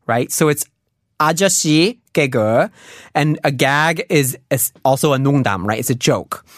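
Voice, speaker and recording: Man, language teacher, relaxed, patient, filler-heavy, dry close sound. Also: medium pitch, no room sound. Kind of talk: casual explanatory lesson.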